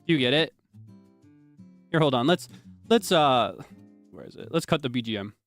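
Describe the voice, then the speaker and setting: A man's voice: medium pitch, expressive, moderate pace, a bit bright, faint music behind. A young man streaming, chatting casually and explaining things in a rambling way with lots of restarts.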